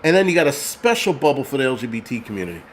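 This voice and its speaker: A man's voice: mid-range voice, very animated, rapid-fire, a little hiss or hum. A man vlogging, delivering an angry, profane, rambling rant to his viewers. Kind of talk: casual rant to camera.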